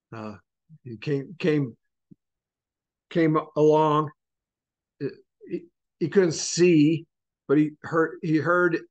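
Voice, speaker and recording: High-voiced man teaching Bible study. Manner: earnest, stretches words and repeats them for emphasis. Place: church Bible study class.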